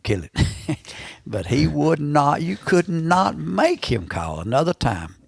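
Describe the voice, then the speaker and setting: A man's voice: fairly high pitch, sing-song, slow, creaky, no room sound, studio quality. A man in his sixties with an Alabama Southern accent, telling stories as an interview guest, rambling and often repeating and restarting his phrases. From Alabama, USA. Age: 60s. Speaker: guest, veteran turkey hunter. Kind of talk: casual storytelling in a podcast interview.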